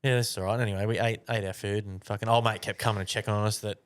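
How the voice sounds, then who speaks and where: A man's voice: on the low side, steady tone, very fast. A young man telling a long, rambling story on a casual podcast chat, with plenty of swearing. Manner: swears a lot, rambling anecdote. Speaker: podcast co-host.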